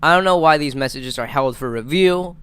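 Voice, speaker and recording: Young guy streaming live, kinda high clear voice, rambly and jokey, tripping over his words. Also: brisk, sharp tone, dry recording. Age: 20s. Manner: rambling, stammering, joking. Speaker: livestream host. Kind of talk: casual live-stream chat.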